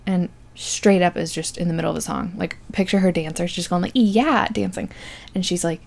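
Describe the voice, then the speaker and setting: A young woman rambles through a movie recap in a low, gravelly voice. She talks sarcastically and loosely, filling gaps with likes and ums while she mocks the plot. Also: level tone, fairly quick, darkish tone.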